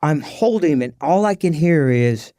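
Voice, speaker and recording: A man, a podcast guest, telling his recovery story in an animated, slangy way and acting out the dialogue. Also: a little high, normal speed, dry recording, studio quality.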